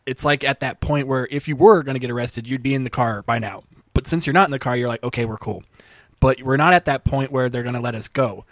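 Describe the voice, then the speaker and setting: A man's voice: mid-range voice, quick pace, few pauses, fairly bright tone, no room sound. Jokey man with a dry, close sound. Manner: jokey, laughs easily, slips into impressions. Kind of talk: casual chat.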